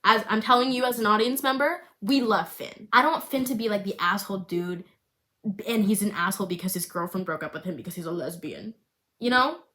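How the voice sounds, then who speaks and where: A woman's voice: medium pitch, a little fast. A young woman chatting casually about the story she is writing and reading from it with strong feeling. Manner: emotional, expressive, swings between hushed reading and excited chatter. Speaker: creator reading her screenplay draft. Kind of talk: casual chat and dramatic reading.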